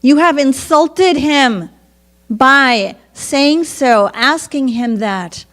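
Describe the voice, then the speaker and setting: A woman's voice: sits high, very slow, a bit bright, full character voice. A woman voicing an angry prophet man who scolds a shepherd. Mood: stern rebuke.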